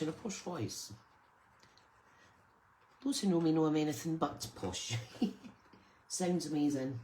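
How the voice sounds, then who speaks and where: A woman's voice: sits low, lively intonation, moderate pace, pauses often, darkish tone, slight background noise. A Scottish woman hosting a live crafting stream, chatting casually and greeting viewers by name as she works. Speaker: crafting channel host.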